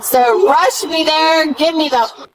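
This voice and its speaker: Woman, 30s, high voice, slow drawl, belligerent and swearing, on bodycam from a police car. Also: slight background noise, low-quality recording. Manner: belligerent, swearing, repeats herself. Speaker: arrested driver. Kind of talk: heated argument on bodycam. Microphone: police body camera.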